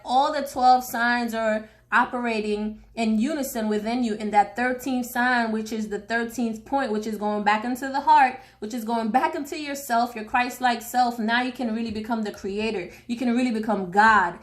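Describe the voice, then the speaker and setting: A woman from Haiti giving a casual tarot reading, slangy and chatty with jokey asides. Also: a little high. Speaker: tarot reader.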